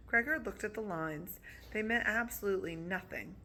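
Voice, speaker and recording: A woman's voice: medium pitch, normal speed, bright, forceful tone, slight background noise. A woman reading a novel aloud in a casual way, with slips and restarts. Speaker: reader.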